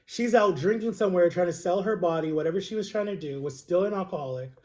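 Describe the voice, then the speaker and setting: A man's voice: sits high, fast, a little mellow. A young man in his twenties casually telling a personal story to his viewers in a chatty, rambling way, full of "like" and "right?". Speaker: vlogger.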